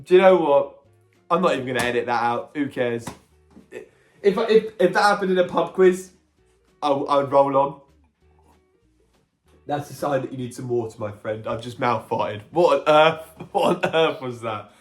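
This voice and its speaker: A man's voice: medium pitch, moderate pace, long pauses, soft background music. A young man hosting a casual pub-style quiz, chatty and self-mocking, with a giggly manner. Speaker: quiz host.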